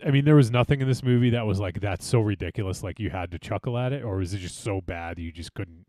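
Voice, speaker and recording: A man's voice: lowish voice, fast talker, mellow, no echo, studio quality. A man hosting a casual movie podcast, teasing his co-hosts and laughing a lot. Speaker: podcast host.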